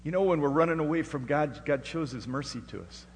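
A middle-aged man from Alaska preaching a sermon and telling his own story. He moves between hushed storytelling and loud, rising preaching. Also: on the high side, brisk, big-room sound, slight background noise. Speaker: pastor. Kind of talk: sermon with personal testimony.

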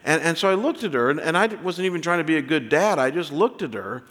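A man in his fifties preaching a sermon, telling stories in an animated way with many restarts. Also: a little high, quick pace, long reverb tail. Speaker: pastor.

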